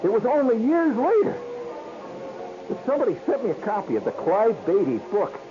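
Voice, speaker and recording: A man hosting a radio show, telling a story in an animated way, acting out voices and sounds and laughing often. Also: sits high, normal speed, music in the background. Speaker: radio host. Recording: dull lo-fi 1970s radio broadcast with hiss.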